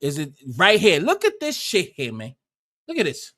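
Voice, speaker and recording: Blunt, ranting husky man. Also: high voice, wildly swooping pitch, normal speed, bright, forceful tone. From United States. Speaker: commentator. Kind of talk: heated reaction commentary.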